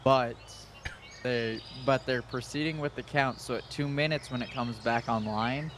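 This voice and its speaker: A man's voice: mid-range voice, normal speed. A man with an ordinary mid-range voice joining a gaming stream as co-host. He answers in short, casual remarks and laughs along with the host, with faint noise in the background. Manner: brief replies, laughs along. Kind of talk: casual chat.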